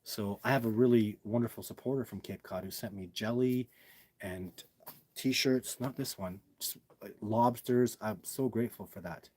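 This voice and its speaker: A man's voice: fairly low pitch, moderate pace, a little mellow, no echo. A man hosting a casual livestream, talking emphatically and with many repeats, answering viewers' questions. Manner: emphatic, repetitive, addresses viewers as guys.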